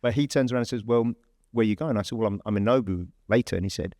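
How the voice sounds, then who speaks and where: A man's voice: on the low side, racing, a little mellow, no echo, clean studio sound. A man with an English accent, telling a long story in a chatty, rambling way full of fillers and restarts. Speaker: podcast host. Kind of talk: casual anecdote telling.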